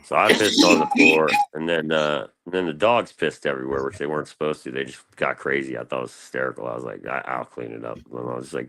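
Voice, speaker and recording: Very deep-voiced laid-back man. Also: fairly even intonation, quick pace, few pauses, pushed and bright. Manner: laid-back, slangy, loose storytelling with lots of fillers. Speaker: guest on a live panel stream. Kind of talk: rambling casual chat.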